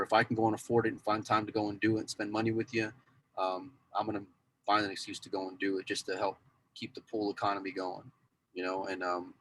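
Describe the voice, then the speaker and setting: Male podcast regular, deeper voice, loose rambling chat with lots of self-corrections. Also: fairly bright tone, slight background noise, rough recording. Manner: rambling, repeats "go and", many restarts. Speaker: pool news insider and cue dealer.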